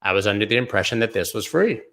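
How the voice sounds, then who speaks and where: Man, gravelly, bright, casual livestream host, joking, answering viewer comments. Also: fairly low pitch, lively intonation, fast talker.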